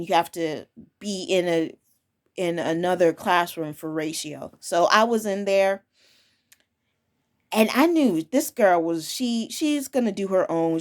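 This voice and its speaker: A young woman chats about her work as a preschool teacher in a frank, firm way. She often restarts and corrects herself mid-sentence, then pushes on with plain, direct words. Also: lowish voice. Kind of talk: casual personal storytelling.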